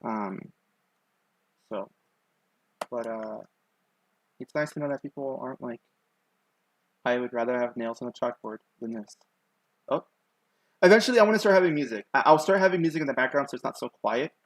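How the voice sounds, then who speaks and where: A man's voice: medium pitch, moderate pace, pauses often, dry recording, low-quality recording. A young man with a lisp, chatting casually and rambling self-consciously on a live stream, with many ums and likes. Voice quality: lisp on his S sounds.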